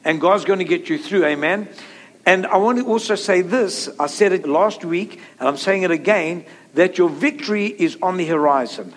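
A man's voice: high voice, moderate pace. A male pastor preaching a sermon, emphatic and repetitive, leading the congregation in call-and-response.

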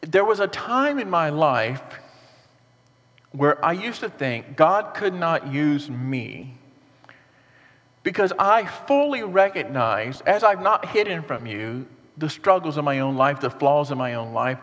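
A man's voice: a little high, a little slow. Preaching man in a reverberant hall. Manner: earnest, animated preaching with rhetorical questions. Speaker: pastor. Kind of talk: sermon.

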